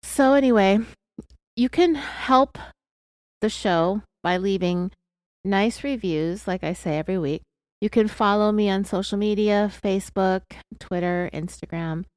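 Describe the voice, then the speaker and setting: A woman's voice: medium pitch, fairly even intonation, moderate pace, a little mellow, clear, resonant tone, no room sound, clean studio sound. A woman hosting a true crime podcast, talking in a candid, confessional, chatty way with plenty of fillers while fighting off hiccups. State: has hiccups. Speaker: podcast host.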